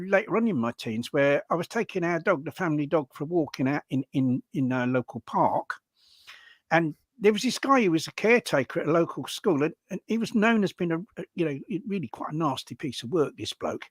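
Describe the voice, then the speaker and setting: An older man, a guest recounting personal stories in a casual conversation, lively and animated. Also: high voice, no room sound.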